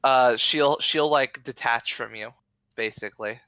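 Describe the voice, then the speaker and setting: A man narrating as game master in a tabletop game, halting with many pauses and restarts. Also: mid-range voice, sharp tone, clear, resonant tone, dry recording.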